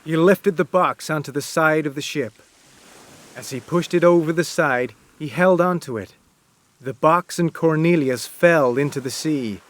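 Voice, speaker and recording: A man narrating a classic story as an audiobook, reading in a slow, simple, clear way. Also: on the high side.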